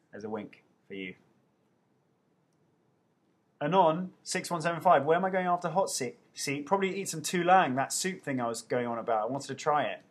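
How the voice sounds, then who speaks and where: A young man talking into a webcam during a live fan Q&A. He rattles off viewers' names and answers each one in an easy, chatty way, with a voice sitting at an ordinary middle pitch. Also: slightly rough. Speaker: TV host answering fan questions.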